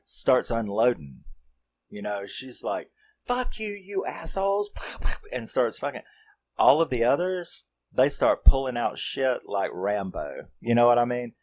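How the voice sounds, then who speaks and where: A man casually retelling a horror comedy's plot, rambling and swearing as he acts out the characters' lines. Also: medium pitch. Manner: rambling, profane, acts out quotes. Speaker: movie reviewer.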